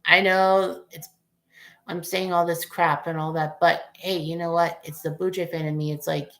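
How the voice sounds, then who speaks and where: Woman in her forties, low gravelly voice, chatty fan play-by-play, roomy echo. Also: little pitch movement, normal speed, fairly bright tone. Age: 40s. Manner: rambling, chatty, swears at bad plays. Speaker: fan streamer calling a baseball game. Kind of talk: casual play-by-play commentary.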